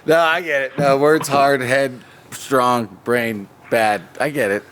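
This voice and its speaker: A man's voice: mid-range voice, steady tone, takes it slowly, a bit bright, slight background noise. A man in casual podcast chat who rambles and jokes about plant breeding, often laughing. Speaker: cannabis breeder and show guest.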